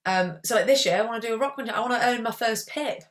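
A woman's voice: on the high side, quick pace. A young woman, chatting as a guest athlete in a casual interview, rambling and peppering her talk with "like".

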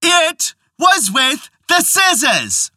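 Narrator putting on a stubborn wife, high drawn-out voice, swooping pitch, dry close sound. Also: huge pitch swings, pushed and bright, dry recording, full character voice. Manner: slow, high, insistent repetition. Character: stubborn defiant wife, adult woman. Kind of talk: storytelling voice acting.

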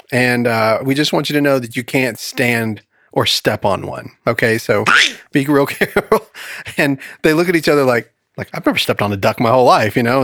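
A man's voice: mid-range voice, fairly bright tone, dry recording, studio quality. A man hosting a casual podcast, playful and joking, telling a long joke. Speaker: podcast host. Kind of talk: casual chat, telling jokes.

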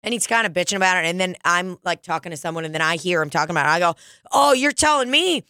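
A woman co-hosting a podcast, telling a story in casual chat, animated and swearing freely. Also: very fast, smooth, no room sound, clean studio sound. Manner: animated, swears freely, mimics people in high excited voices. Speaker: podcast co-host.

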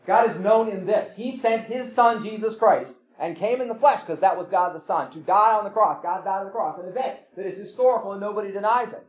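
A man's voice: high-pitched, a little fast, few pauses, husky. A man preaching a sermon in a church, plain-spoken and earnest, asking his listeners pointed questions. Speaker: pastor.

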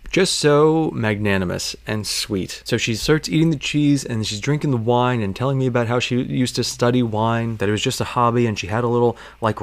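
A man's voice: mid-range voice, no room sound. A man telling a personal story about his job in a conversational, self-conscious way, using lots of fillers.

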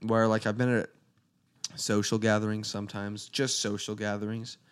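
A young man co-hosting a podcast, rambling through an animated rant in casual chat. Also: fairly low pitch, moderate pace, clear, resonant tone. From Pacific Northwest. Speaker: podcast co-host.

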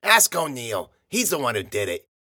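A man voicing a bored female receptionist who answers flatly and without interest. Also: mid-range voice, moderate pace, heavily acted. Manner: flat, uninterested.

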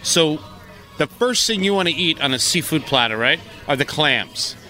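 A man's voice: a little high, animated, moderate pace, sharp tone. A man co-hosting a podcast, talking in a brash, profane, teasing way. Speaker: podcast co-host. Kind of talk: casual chat.

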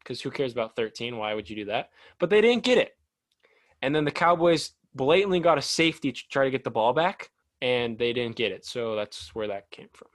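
A young man co-hosting a sports podcast, rambling and animated, with lots of "like". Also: medium pitch, fairly quick, no room sound. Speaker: podcast co-host. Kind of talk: casual sports chat.

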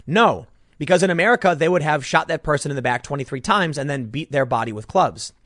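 A man's voice: a little high, fast, a bit bright, no echo, clean studio sound. A man giving an opinionated political commentary monologue, combative and sarcastic, restarting his sentences as he argues.

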